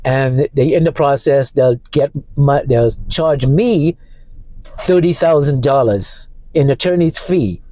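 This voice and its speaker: A shaken man talking through a distressed personal monologue from his parked car, halting and repeating himself. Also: medium pitch, dark tone, dry recording, poor audio. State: emotionally shaken. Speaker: vlogger.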